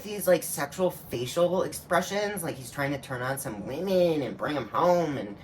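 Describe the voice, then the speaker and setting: A man's voice: fairly high pitch, lively intonation, normal speed. A man reacting on camera in a sassy, snarky way, tossing out slangy asides in a casual running commentary. A faint hiss sits under his voice throughout. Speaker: reaction video host.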